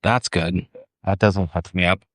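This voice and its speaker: Guy rambling on a phone livestream in the park, kinda low voice, dry sound, laughs a lot. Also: steady tone, unhurried, fairly bright tone, no echo. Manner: rambling, easily distracted, laughs often. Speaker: livestream host. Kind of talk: casual chat. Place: outdoors in a park.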